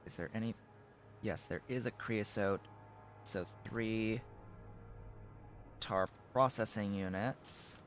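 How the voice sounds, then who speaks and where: A man's voice: lowish voice, slow pace, pauses often, fairly bright tone, faint music behind. A man streaming a factory-building game, mumbling casual commentary to himself while his voice is going. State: losing his voice.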